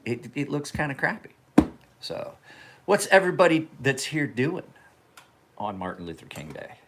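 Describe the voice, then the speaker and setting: A man's voice: medium pitch, sing-song, moderate pace, a bit bright. A man casually chatting on a livestream from his home kitchen, rambling and joking as he talks. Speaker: knife sharpener and livestream host.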